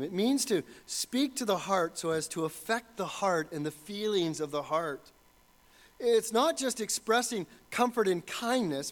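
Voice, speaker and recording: A man preaching a sermon as pastor, earnest and building to fervent emphasis. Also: high-pitched.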